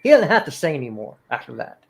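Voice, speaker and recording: A man on a fan livestream making his points in a measured, deliberate way, sometimes stumbling over names. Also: fairly high pitch, sing-song, gravelly. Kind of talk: casual debate.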